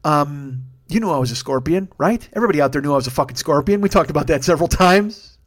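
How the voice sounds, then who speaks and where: In a solo comedy podcast rant, a male host speaks fast in a fairly high voice with lively intonation. He swears constantly while ranting heatedly, then rambles self-deprecatingly through thanks to his crew.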